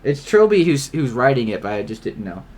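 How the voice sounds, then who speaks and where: A young man playing a game with a friend, chatting casually, swearing often, and reading story passages aloud in a hushed voice. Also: medium pitch, sing-song, fairly quick, a crowd in the background. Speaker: game player. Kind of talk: casual let's-play chat with reading aloud.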